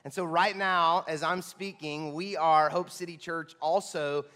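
Hoarse, excitable pastor in a big hall. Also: male voice, on the high side, measured pace. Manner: excitable, energetic and chatty. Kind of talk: sermon. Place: church auditorium.

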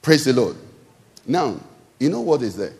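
A man's voice: mid-range voice, big pitch swings, normal speed, gravelly, a little mellow. A man with a Nigerian English accent preaching a sermon as pastor. He talks conversationally and keeps asking the congregation questions. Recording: long hall reverb.

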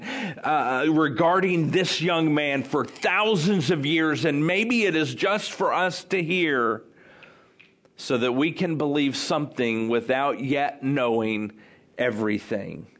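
A man's voice: fairly high pitch, slow pace, a bit bright. A man preaching an expository sermon in a conversational way, repeating key phrases for emphasis.

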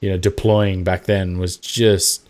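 A man's voice: low voice, flat delivery, measured pace, a little mellow. An Australian man co-hosting a podcast, chatting casually and animatedly about basketball, swearing freely and acting out mock quotes. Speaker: podcast co-host. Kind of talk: casual sports chat.

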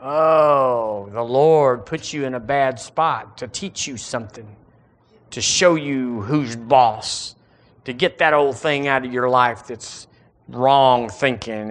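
A male pastor, preaching an animated sermon and calling on the congregation to repeat lines after him. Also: mid-range voice.

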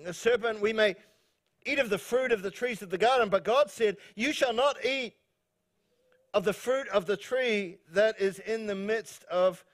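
A high-voiced man from New Zealand preaching a sermon. He jokes and rambles, laughs often and keeps restarting his sentences before he settles back into scripture. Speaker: pastor.

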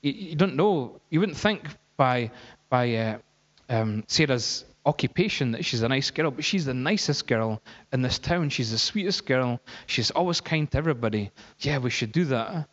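A man's voice: mid-range voice, animated, moderate pace, close to an everyday voice. A man doing a gushing café owner's wife. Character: warm middle-aged café owner's wife. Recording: dull, echoey hall.

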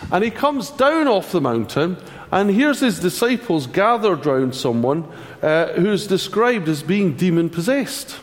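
A man giving a sermon, conversational and animated, with wry asides. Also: high-pitched, measured pace, big-room sound. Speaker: preacher.

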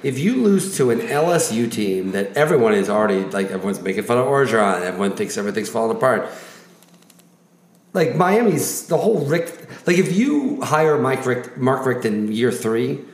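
A man co-hosting a casual sports talk show, talking in an animated way, full of "like" and quick restarts. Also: medium pitch. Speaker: podcast co-host. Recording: roomy echo.

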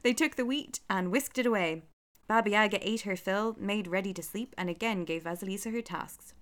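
A woman reading a folk tale aloud, with relaxed, chatty asides. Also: mid-range voice, brisk. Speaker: storyteller.

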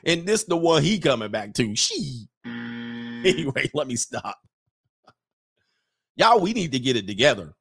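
A man's voice: on the high side, a bit bright. A man hosting a casual commentary show, talking bluntly with profanity and mocking jokes, laughing at his own remarks. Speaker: host.

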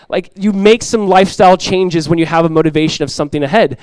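A middle-aged male pastor delivers a sermon with earnest, direct conviction, hammering home key lines through repetition. His voice sits a bit high for a man, and the sound is close and dry with little room echo. He slips into animated everyday voices to make his points. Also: quick pace, hardly any pauses, clean tone. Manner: acts out everyday voices with lively emphasis. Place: church sanctuary.

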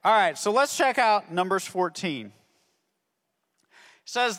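A man's voice: very high voice, sing-song, moderate pace, a bit bright. A man telling a Bible story to children as a ministry teacher, constantly checking in with "okay?". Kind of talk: Bible story lesson for kids. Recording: long reverb of a hall.

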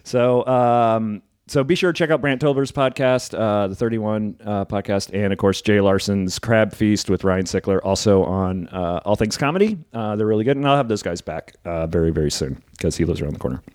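A man's voice: fairly low pitch, normal speed, hardly any pauses, a little mellow, dry recording, studio quality. A man hosting a comedy podcast in a rambling, chatty way, with lots of fillers and laughs. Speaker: podcast host. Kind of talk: casual chat.

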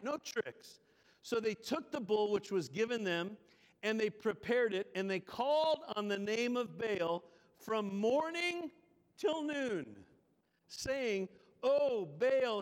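Male pastor, high voice, chatty sermon full of questions, recorded with reverb. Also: fairly bright tone. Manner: conversational preaching with rhetorical questions.

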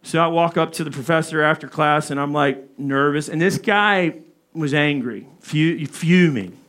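A male preacher telling a personal story in a sermon, animated and speaking asides to his listeners. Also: on the high side, moderate pace. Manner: animated, acts out quoted voices, asides to the audience.

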